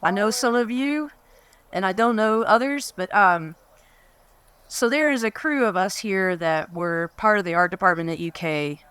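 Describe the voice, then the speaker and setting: A woman's voice: medium pitch, moderate pace, fairly bright tone, clear, resonant tone. A woman in her fifties giving a fond, rambling reminiscence at a memorial gathering. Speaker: memorial speaker. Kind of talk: reminiscing speech.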